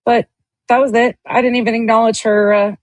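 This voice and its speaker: A woman's voice: fairly high pitch, flat delivery, brisk, no room sound. A woman, the channel's owner, reacting to clips of other streamers with sarcastic, defensive asides. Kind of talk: reaction commentary.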